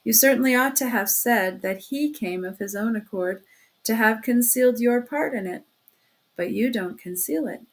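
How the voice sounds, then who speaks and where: A woman's voice: fairly high pitch, normal speed. A woman reading aloud as a talkative, sly male criminal investigator who chats in a chummy, insinuating way. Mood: sly, probing. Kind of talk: audiobook reading.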